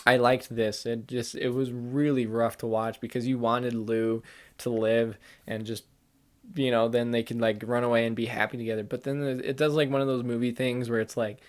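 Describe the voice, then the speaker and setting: Male gaming host, mid-range voice, excitable casual spoiler rambling. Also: mid-range voice, normal speed. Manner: rambling and excitable, heavy use of "like" and "kinda". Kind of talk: casual spoiler chat about a video game.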